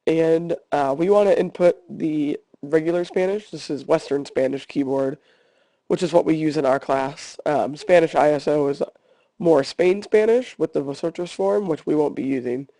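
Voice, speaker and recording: Man teaching a calm screencast tutorial. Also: a little high, normal speed, no echo. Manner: calm step-by-step instruction. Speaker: Spanish teacher.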